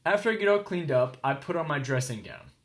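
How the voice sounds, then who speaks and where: A man's voice: on the high side, sing-song, fairly bright tone. Man reading a picture book aloud. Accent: American. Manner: reads slowly with explanations and questions to listeners.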